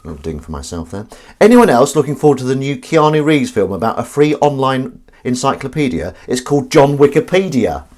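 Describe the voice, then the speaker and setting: Washing up in his home kitchen, this livestream host talks to his viewers in a mid-range voice that's very animated, fairly quick and a little mellow. He keeps things casual with puns and self-mockery.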